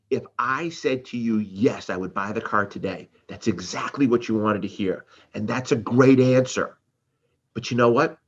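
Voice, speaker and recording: A man's voice: fairly low pitch, breathy edge, lo-fi sound. A man teaching car sales in a live training talk, acting out exchanges between customers and salespeople.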